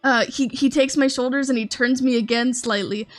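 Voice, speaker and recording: A woman streamer chatting casually with her viewers in a slightly high voice. She rambles and restarts her sentences, filling every gap with "um"s and breaking into laughter often. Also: fairly even intonation, moderate pace, faint music behind. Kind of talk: casual storytelling chat.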